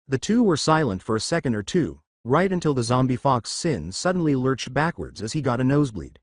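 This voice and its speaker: A man narrating a fan fiction story in steady storybook narration, close to the mic. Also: medium pitch, no echo.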